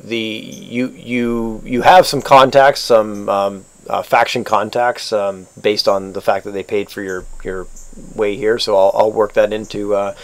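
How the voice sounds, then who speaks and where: A man's voice: on the low side, little pitch movement, measured pace. A man running an online tabletop game as game master, who rambles with many restarts.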